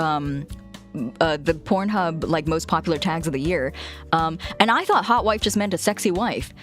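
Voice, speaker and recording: A woman streamer chatting casually and frankly with her viewers, laughing often as she tells stories. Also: lowish voice. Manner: frank, giggly, animated storytelling. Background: faint music.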